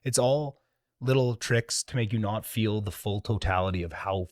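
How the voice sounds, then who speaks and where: A man's voice: fairly low pitch, no room sound, studio quality. A young man from Canada, a comedian, telling candid, profane stories in a casual podcast conversation. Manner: candid, profane, rapid storytelling.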